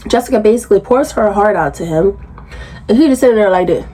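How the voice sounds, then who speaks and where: A woman talks through a reality show recap. She is blunt and profane. Her pitch jumps high when she sounds incredulous. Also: lively intonation, fast, mellow, husky. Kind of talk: casual recap commentary.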